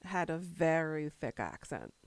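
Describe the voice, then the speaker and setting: A woman's voice: sits low, sing-song, unhurried, dry recording. A woman streamer chatting casually with her viewers, rambling between topics and answering chat while she eats.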